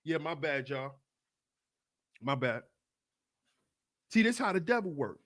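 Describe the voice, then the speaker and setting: A man hosting a livestreamed podcast, talking in an animated, mocking way and often asking "you see?". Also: a little high, takes it slowly. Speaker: podcast host. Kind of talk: livestream commentary.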